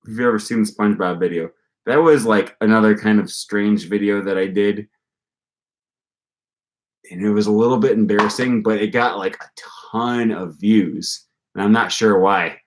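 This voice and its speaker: Encouraging young man, low voice. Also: moderate pace. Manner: upbeat, encouraging, rambling with fillers. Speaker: language-learning channel host. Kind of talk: casual livestream chat.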